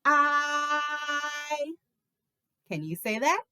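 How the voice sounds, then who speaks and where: A woman teaching a video lesson to preschool children in a slow, encouraging, sing-song way. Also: fairly high pitch, very animated, bright, forceful tone, soft background music.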